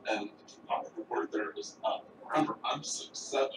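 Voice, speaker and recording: A man's voice: medium pitch, moderate pace. A man playing a tabletop game, hesitant with fillers. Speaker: player. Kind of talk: casual tabletop play. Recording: roomy, distant, noisy.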